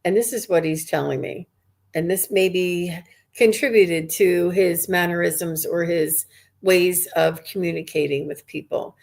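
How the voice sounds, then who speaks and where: Woman, low-ish voice, psychic medium on a live stream, earnest and rambling. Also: steady tone, measured pace, vocal fry, a little mellow. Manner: earnest, rambling, many restarts and fillers. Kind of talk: live-stream reading for viewers.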